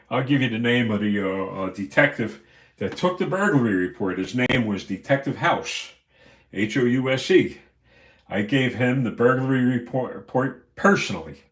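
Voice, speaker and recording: A man's voice: medium pitch, echoey room. A man hosting a livestream, ranting angrily and profanely in a rambling way. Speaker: livestream host.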